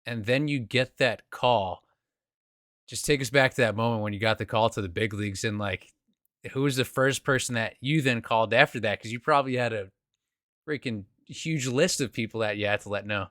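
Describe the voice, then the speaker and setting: A man's voice: mid-range voice, moderate pace, fairly bright tone, no room sound, studio quality. A man hosting an interview, enthusiastic and casual in his questions. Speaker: podcast host. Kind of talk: conversational interview.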